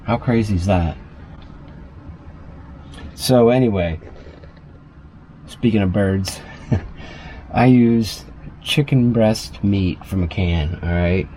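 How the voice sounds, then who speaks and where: A man's voice: on the low side, slow, pauses often, dark tone, slight background noise, poor audio. A man chatting loosely through a casual cooking vlog inside his small RV, full of fillers and asides.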